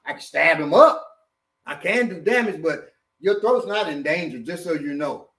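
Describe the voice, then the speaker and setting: A man teaching self-defense moves in a lively, joking manner, often repeating words as he demonstrates. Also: a little high, moderate pace. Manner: animated, jokey, repeats words. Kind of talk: hands-on demonstration.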